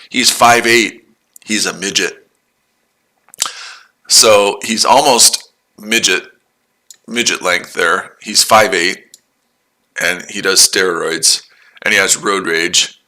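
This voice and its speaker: Mocking low-voiced man on a trading stream. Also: sharp tone. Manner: mocking, repetitive, talks to chat. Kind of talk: casual livestream commentary.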